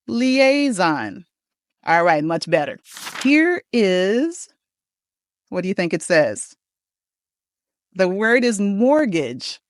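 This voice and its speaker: A woman teaching English pronunciation, modeling each word slowly and deliberately for learners to repeat. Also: mid-range voice, no room sound, clean studio sound. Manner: slow, deliberate modeling of words. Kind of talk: pronunciation lesson.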